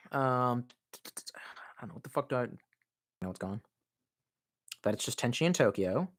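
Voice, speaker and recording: A man's voice: medium pitch, sharp tone, dry recording. A man in his thirties chatting casually on a live stream, reading viewer comments and rambling with lots of swearing and self-mockery. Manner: profane, rambling, self-mocking.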